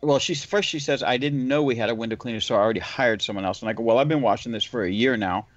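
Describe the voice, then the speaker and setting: A man's voice: medium pitch, quick pace, no echo. A man hosting a casual podcast chat, telling a long work story and acting out the dialogue. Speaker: window cleaner, podcast host. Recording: dull lo-fi audio.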